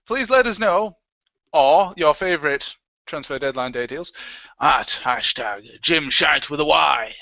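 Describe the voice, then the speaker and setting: A man's voice: on the high side, animated, unhurried, sharp tone, no room sound. A man co-hosting a casual livestream, joking and reading out comments and tweets. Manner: jokey, reads out comments and tweets. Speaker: livestream co-host. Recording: dull, lo-fi dry sound.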